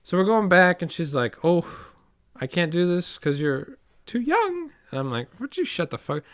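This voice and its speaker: A young man in casual podcast chat, telling an animated story, acting out quoted lines and swearing freely. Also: high-pitched, normal speed. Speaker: podcast co-host.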